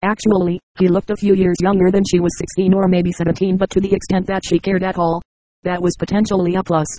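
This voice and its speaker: Synthetic text-to-speech narrator, audiobook reading, monotone, mellow tone, dry close sound. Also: medium pitch, fast talker, dry recording, rough recording. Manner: reads symbols aloud literally.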